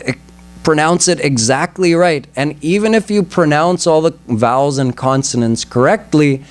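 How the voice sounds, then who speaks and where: A man giving a spiritual lecture in a temple, explaining terms carefully and deliberately. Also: a little high. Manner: slow, deliberate, explanatory, stresses pronunciation. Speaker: swami giving a religious lecture. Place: temple hall.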